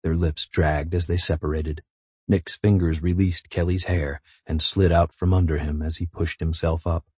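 A man narrating a novel in a measured, intimate reading. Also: deep voice, flat delivery, a little mellow, slightly rough, no room sound. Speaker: audiobook narrator. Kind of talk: scripted narration.

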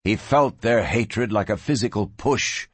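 A man reading a western novel aloud in a dramatic, expressive storytelling manner. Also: on the low side, a little slow, husky, no echo. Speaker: audiobook narrator. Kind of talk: scripted western audiobook narration.

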